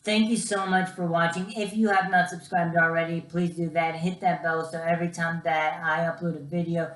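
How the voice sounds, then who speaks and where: A young man talks to his viewers in a relaxed, chatty storytelling vlog and keeps calling them "guys." His voice bounces around a roomy, echoey room. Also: on the high side, normal speed. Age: young adult. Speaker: vlogger.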